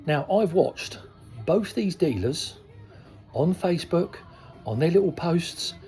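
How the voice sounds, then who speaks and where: An older man in his sixties speaks to his viewers in a loose, rambling way. His voice is mellow and low in brightness, and his talk is candid and conversational. Faint soul music plays in the background. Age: 60s. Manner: conversational, frank, rambling with asides. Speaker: koi dealer. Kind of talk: casual talk to camera. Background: soft soul music.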